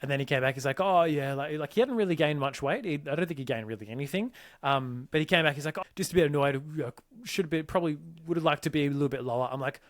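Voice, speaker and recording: A man's voice: on the high side, quick pace, few pauses, no room sound, studio quality. A man co-hosting a fitness podcast, telling client stories in heated, swearing casual chat. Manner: fiery, swears, mimics clients in quoted asides. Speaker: podcast co-host, fitness coach.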